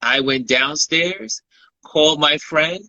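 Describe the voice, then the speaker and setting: A lively male storyteller with a bright, forceful voice, pitched a little high for a man. He chats on a live stream and slips into quoted dialogue as he goes. The sound is dry and dull, like a lo-fi phone mic. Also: slow pace, no echo. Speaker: guest photographer. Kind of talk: casual live-stream interview.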